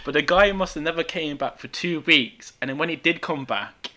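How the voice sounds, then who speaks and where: Young man, Birmingham accent, slightly high voice, animated storytelling, slang, casual chat. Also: moderate pace. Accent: Birmingham English. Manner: animated, laughing, street slang, frequent tag questions. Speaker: guest storyteller.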